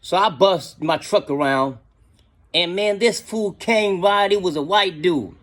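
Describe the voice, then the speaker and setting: A man's voice: high voice, unhurried, fairly bright tone. A middle-aged man telling a casual story in slangy talk, often adding "you know what I'm saying".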